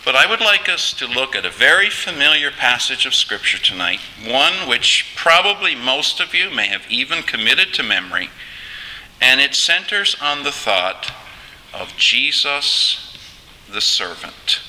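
A man preaching a sermon in a measured, earnest way, turning to address listeners directly. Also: mid-range voice, big pitch swings, pushed and bright, big-room sound, low-quality recording.

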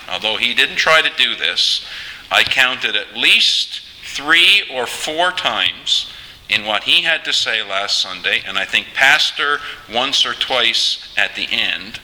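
A man preaching a sermon in a measured, earnest way, turning to address listeners directly. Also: mid-range voice, bright, forceful tone, long reverb tail, low-quality recording.

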